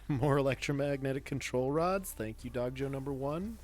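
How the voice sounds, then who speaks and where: A man's voice: mid-range voice, normal speed, a little mellow, faint music behind. A man with a Midwestern American accent, chatting casually and joking with viewers while streaming a game. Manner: chuckling, joking, answering chat. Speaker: gaming streamer. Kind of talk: casual live-stream chat.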